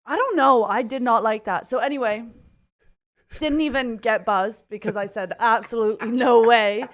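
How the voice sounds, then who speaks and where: A woman's voice: a little high, normal speed. A young woman chatting casually on a podcast, telling a story in a laid-back way. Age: young adult.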